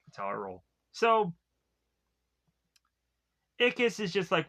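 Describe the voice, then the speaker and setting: A man's voice: sits high, huge pitch swings, slow pace, pauses often, fairly bright tone. A man recapping a cartoon episode in a casual, rambling way, full of filler words. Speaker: cartoon reviewer.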